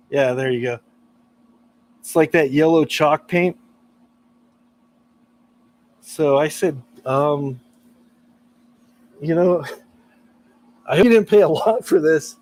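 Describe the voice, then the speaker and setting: A man's voice: on the high side, a little mellow, rough recording. A man chatting casually on a live stream about guitar repair, laughing often and reading out chat messages.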